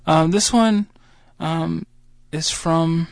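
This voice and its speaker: A man's voice: fairly high pitch, very slow, gravelly, dry recording. A man co-hosting a comedy radio show, earnest and hesitant, filling his talk with ums and likes. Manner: earnest, hesitant, filler-heavy.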